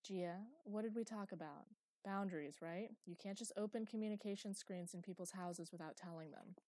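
A woman's voice: mid-range voice, moderate pace, warm tone, no echo, natural voice. A woman reading the lines of a firm, weary middle-aged colony chief in an audiobook. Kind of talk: audiobook character voice.

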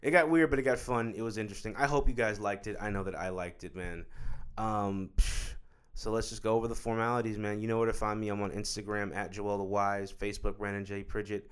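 A man's voice: lowish voice, fairly even intonation, brisk, few pauses, clear, resonant tone. Crude, joking podcast host man. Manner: crude, joking, swears freely, says "dude" and "bro". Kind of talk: casual chat.

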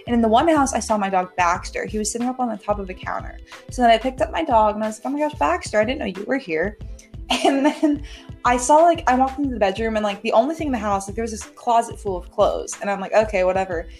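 A woman's voice: a little high, fast talker, darkish tone, soft background music. Chatty young woman rambling. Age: young adult. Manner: rambling storytelling with many "like"s. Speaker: podcast co-host. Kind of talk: casual chat.

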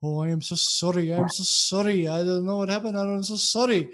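A man's voice: fairly even intonation, brisk, slight background noise, close to an everyday voice. A man doing a frantic, apologetic dog owner with an accent. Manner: high-pitched, anxious, repeating himself.

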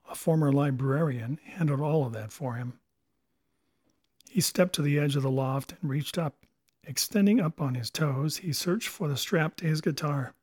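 A man narrating a novel as an audiobook in a steady storytelling manner, recorded on a close microphone. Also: mid-range voice, breathy edge, dry recording.

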